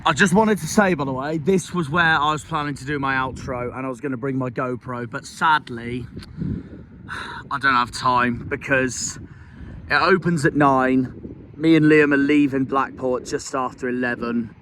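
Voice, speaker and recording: A young man from Cornwall talking casually in a football vlog, excitable and quick to shout and swear. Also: medium pitch, a little hiss or hum. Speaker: football vlogger.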